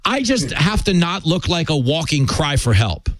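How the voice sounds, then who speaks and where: A man's voice: on the high side, sing-song, moderate pace, a bit bright, no echo. Joking, self-deprecating male radio host. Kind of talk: casual talk radio chat.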